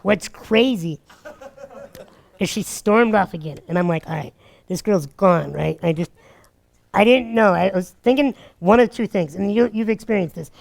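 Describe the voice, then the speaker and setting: A man giving dating advice through energetic, animated stories, acting out what people said and laughing often. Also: high voice, normal speed, gravelly. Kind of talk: animated storytelling talk.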